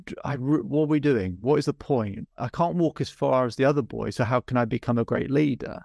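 A man playing a worn-out poor boy who questions why he must keep walking. The delivery is whiny and complaining, gravelly, and recorded dry and close. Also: mid-range voice, a little fast, a little mellow, no room sound. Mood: tired, pleading. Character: poor young boy, exhausted and doubtful.

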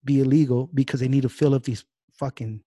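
Speaking in a warm, mid-range voice with fairly even intonation, a man hosting a podcast rants about politics in casual, heated talk full of profanity and rapid delivery. The recording is dry and clean, like a studio.

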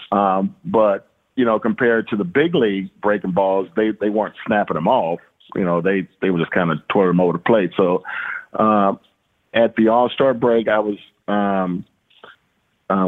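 A middle-aged man from Louisiana, a former baseball player, telling stories in a rambling, casual way with many fillers and repeated words. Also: lowish voice. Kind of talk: casual storytelling interview. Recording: tinny phone-like line.

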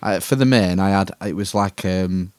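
A man's voice: low-pitched, moderate pace, darkish tone, clear, resonant tone, no echo. A man casually chatting on a podcast, telling a story with laughs and casual swearing. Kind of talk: casual chat.

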